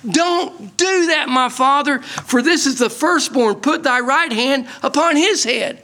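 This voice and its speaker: A man's voice: extremely high pitch, a little slow, bright, forceful tone, pitched above the performer's own voice, exaggerated voice. A man voicing Joseph, a grown son urgently protesting to his father. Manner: emphatic, pleading.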